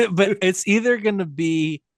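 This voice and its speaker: A man's voice: sits high, unhurried, no room sound. A man co-hosting a podcast, chatting casually about comics in a laid-back, teasing way with dry jokes. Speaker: podcast co-host. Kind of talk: casual comic book chat.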